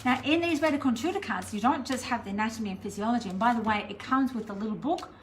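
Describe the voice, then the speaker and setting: A woman's voice: fairly high pitch, rapid-fire, slight background noise, poor audio. A middle-aged Australian woman, a spiritual teacher, chatting casually to camera, meandering with lots of fillers. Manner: chatty, meandering, warm and encouraging with many fillers.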